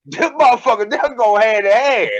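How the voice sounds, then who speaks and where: A woman co-hosting a casual podcast, talking loudly and profanely with lots of emphasis and frequent laughter. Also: on the high side, normal speed, dull audio, a crowd in the background. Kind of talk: casual group banter.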